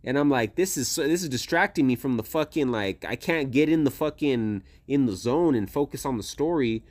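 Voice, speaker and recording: A man's voice: mid-range voice, a little fast. A young man chats on a podcast in a loose, rambling way, swearing often and restarting his sentences. His voice sits in the middle range. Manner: rambling, profane, animated storytelling. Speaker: podcast co-host. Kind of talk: casual chat.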